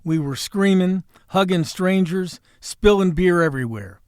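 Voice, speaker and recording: A man in his sixties hosting a podcast, delivering a folksy, wisecracking monologue with salty language and a hoarse voice. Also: high-pitched, lively intonation, measured pace, dry recording, clean studio sound. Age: 60s. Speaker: podcast host. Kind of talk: opening monologue and casual chat.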